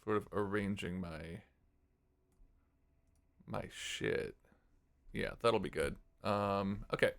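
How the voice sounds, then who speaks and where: A man streaming while he composes, thinking aloud in a relaxed way and now and then scatting a melody. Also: fairly low pitch, slow pace, gravelly, pauses often. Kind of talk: casual livestream talk. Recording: faint music under voice.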